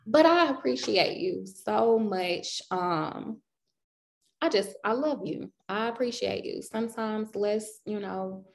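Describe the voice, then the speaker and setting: A woman's voice: mid-range voice, slow, gravelly. A woman co-hosting a podcast, chatting casually and affectionately with slang. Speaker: podcast co-host. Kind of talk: casual chat.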